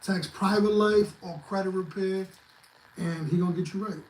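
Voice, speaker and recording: A man's voice: high-pitched, steady tone, normal speed, echoey room, a little hiss or hum, poor audio. A man chatting as a guest on a livestream, blunt and profane as he gives emphatic advice. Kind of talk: casual livestream chat.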